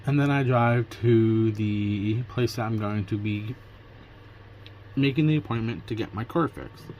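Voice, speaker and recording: Recounting his day in a casual storytelling vlog, a Pennsylvania man acts out the conversations he had, quoting both sides. He speaks at a measured pace in a fairly low, darkish voice, and a little background noise can be heard.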